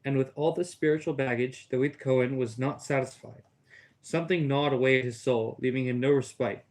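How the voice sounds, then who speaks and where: A man with a Texas accent, a student reading a text aloud in class, steady with small stumbles. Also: mid-range voice, brisk, rough recording.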